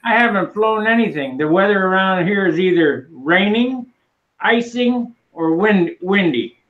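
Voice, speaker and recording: A man's voice: sits high, expressive, unhurried. A man on a video call telling stories in a folksy, laid-back way. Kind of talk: casual chat, telling stories. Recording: roomy, dull lo-fi video-call audio.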